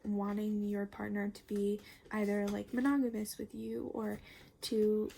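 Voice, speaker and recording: A young woman giving a casual tarot reading, chatty and rambling, full of fillers and the odd curse word, sometimes slipping into a soft near-whisper. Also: mid-range voice, level tone, measured pace, vocal fry, a little hiss or hum. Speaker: tarot reader.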